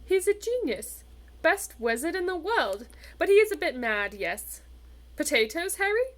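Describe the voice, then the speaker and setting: A woman's voice: extremely high pitch, sing-song, unhurried, voice pushed up, exaggerated voice. A woman voicing a pompous teenage boy prefect who talks airily. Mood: airy. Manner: pompous, airy.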